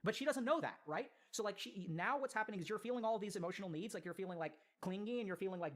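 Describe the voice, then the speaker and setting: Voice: medium pitch, lively intonation, fast talker, few pauses. A mental health commentator in a played video explains a viewer's letter in an earnest way, often filling with "like" and "right?".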